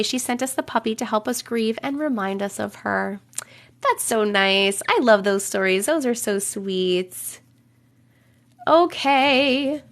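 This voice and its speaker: A woman with a fairly high voice hosts a casual live stream from her room. She chats loosely with her viewers, swears in passing, and reads their strange stories aloud with plenty of her own reactions. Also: slow pace. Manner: chatty, swears casually, laughs and reacts while reading. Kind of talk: casual live-stream chat and story reading. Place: home room, alone.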